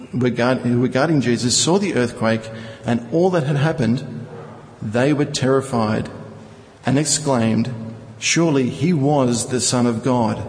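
A man's voice: mid-range voice, a little mellow, long reverb tail, rough recording. A male preacher teaching from scripture, reading verses and explaining them with rhetorical questions. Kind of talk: Bible teaching sermon.

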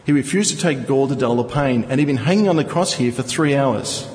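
A man's voice: medium pitch, brisk, a little mellow, long reverb tail, poor audio. A male preacher teaching from scripture, reading verses and explaining them with rhetorical questions. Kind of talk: Bible teaching sermon.

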